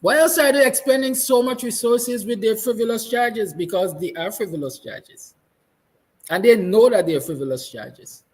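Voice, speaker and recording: A man's voice: high-pitched, normal speed, rough recording. A Guyanese man hosting a morning talk show, delivering an impassioned monologue with emphatic repetition, at times close to tears. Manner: fiery, emphatic, repeats lines; soft, tender passages. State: emotional, near tears. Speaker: host.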